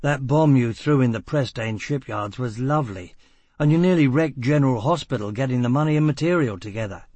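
Man voicing a cool menacing boss, brisk, mocking, self-assured, dry sound. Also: medium pitch, darkish tone, no echo, close to an everyday voice.

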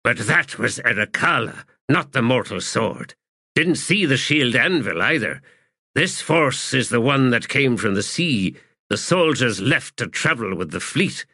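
A man doing a prickly, high-strung wizard. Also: expressive, a little slow, sharp tone, breathy edge, no echo, studio quality, full character voice. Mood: worried. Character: sharp-tongued male wizard, prickly. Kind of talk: audiobook character voice.

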